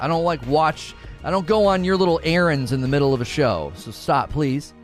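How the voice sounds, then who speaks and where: A man's voice: a little high, brisk, soft background music. A man hosting a gaming talk show, ranting in an exasperated, emphatic way to his co-hosts. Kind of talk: opinionated gaming commentary.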